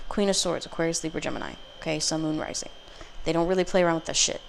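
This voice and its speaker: A woman's voice: low-pitched, fast, vocal fry, a little hiss or hum. A woman giving a casual pick-a-card tarot reading, blunt, profane and rambling. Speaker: tarot reader.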